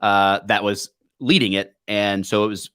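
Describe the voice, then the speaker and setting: A man co-hosting a podcast, talking in a relaxed, conversational way and quoting others in his story. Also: lowish voice, measured pace, smooth, no echo, clean studio sound. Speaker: podcast co-host, police officer. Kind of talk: casual chat, storytelling.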